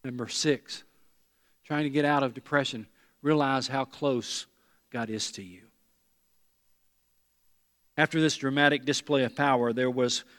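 Standing before his congregation in a church sanctuary, a pastor delivers an earnest, emphatic sermon in a mid-range, fairly bright voice that carries a big-room sound. He repeats important lines and draws the people into call and response.

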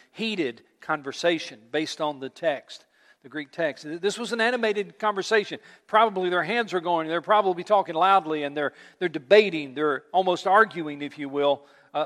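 A pastor with a fairly high, fairly bright voice preaches a sermon in a conversational style, acting out quotes and repeating words. The recording carries a long hall reverb.

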